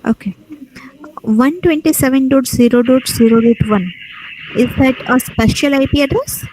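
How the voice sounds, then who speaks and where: High-voiced teacher quizzing students. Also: female voice, mellow, slight background noise, poor audio. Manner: brisk, probing questions. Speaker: teacher conducting a lab viva. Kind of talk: questioning students in class.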